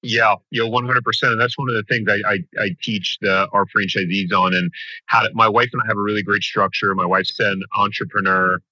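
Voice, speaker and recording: Bright, emphatic man coaching franchise owners. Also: fairly low pitch, fairly quick, dry recording, lo-fi sound. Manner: energetic, emphatic motivational delivery. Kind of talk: podcast interview.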